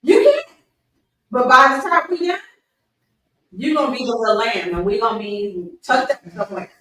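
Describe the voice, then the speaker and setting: A woman in casual chat, talking in an animated, playful way. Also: a little high, a little fast, distant mic. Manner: animated and playful, laughs often. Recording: echoey room, away from the mic.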